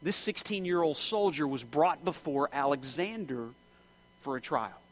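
A man preaching a sermon with passion, his voice swinging from shouting to hushed and back. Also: on the high side, animated, measured pace, low-quality recording.

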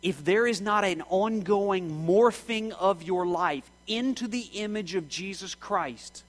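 A man preaching in church with a fairly high voice. He preaches with passion, rising to shouts and then dropping to hushed pleading. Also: slow pace, rough recording. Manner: impassioned, swings from shouting to hushed. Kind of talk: sermon.

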